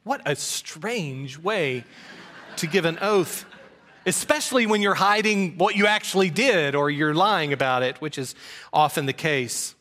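A middle-aged man from preaches in a bright, forward voice pitched a little high. He tells folksy, self-deprecating stories from his own life. The delivery stays relaxed and conversational. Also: measured pace. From rural Georgia, US. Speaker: pastor. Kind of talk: sermon with personal stories.

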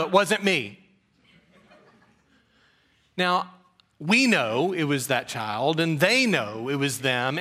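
A middle-aged pastor from rural Georgia in the US preaches in a bright, forward, slightly high voice. His sermon is relaxed and conversational, filled with folksy, self-deprecating stories from his own life.

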